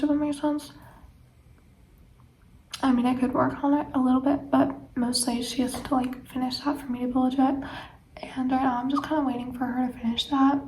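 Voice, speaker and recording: Teen girl, tired, late-night vlog chat, whispery, steady pitch, faint background hiss. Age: teens. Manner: rambling, filler-heavy, often drops to a whisper. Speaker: vlogger.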